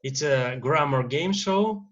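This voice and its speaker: A man's voice: fairly high pitch, expressive. Russian-accented male teacher, dull recording. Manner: lecturing with many uh fillers and pauses. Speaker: English teacher. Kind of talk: recorded grammar lesson.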